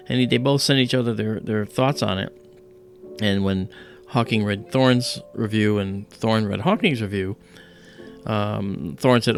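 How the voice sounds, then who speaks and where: A man with a lowish, gravelly voice hosts a live astronomy stream. He rambles through his explanations with plenty of ums and restarts. Faint music plays behind him. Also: steady tone, measured pace. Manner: rambling, many fillers and restarts. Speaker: astronomy livestream host.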